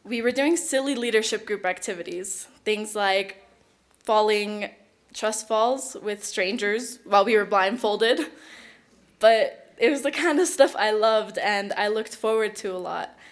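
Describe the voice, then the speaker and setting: A woman's voice: medium pitch, a little slow. A teenage girl who speaks at home, giving an award acceptance speech, emotional and close to tears, with giggles. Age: teens. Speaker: award recipient. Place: awards event hall.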